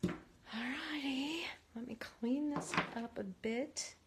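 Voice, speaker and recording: A woman hosting a casual card-making tutorial from her craft space, chatty and rambling, with bursts of excitement. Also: mid-range voice, takes it slowly, very noisy.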